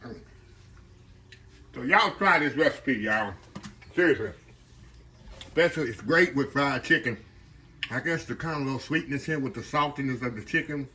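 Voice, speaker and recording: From his kitchen at home, with the camera fixed on a tripod, a middle-aged kitchen manager and home cook excitedly chats with his casual cooking vlog's viewers and repeatedly calls them "y'all." His voice sits at a medium pitch, and a slight hiss or hum runs under the recording.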